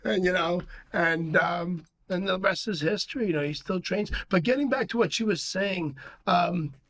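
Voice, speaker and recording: A man, a podcast guest telling rambling, animated stories full of fillers in casual chat. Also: high-pitched, moderate pace. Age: 50s. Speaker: podcast guest, martial arts instructor.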